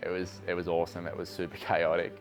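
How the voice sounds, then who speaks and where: A man's voice: low-pitched, monotone, fast, music in the background. An easygoing runner who chuckles as he talks in a casual interview. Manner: easygoing, chuckles while talking.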